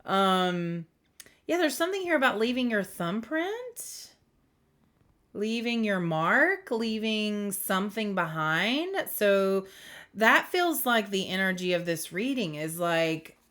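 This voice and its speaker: Indoors under bright light, a woman gives a casual spiritual reading with the camera close to her face, rambling, giggling often and interrupting herself. Her medium-pitched voice is very animated, slow-paced and a bit bright.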